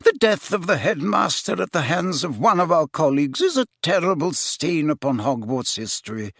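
A man voicing a stern, brisk elderly headmistress witch in an audiobook, crisp in manner. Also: sits low, sing-song, no echo, clean studio sound, pitched above the performer's own voice, full character voice.

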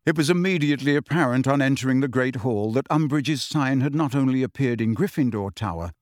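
Male audiobook narrator, lively, expressive, dry close sound. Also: medium pitch, fairly quick, few pauses, dry recording.

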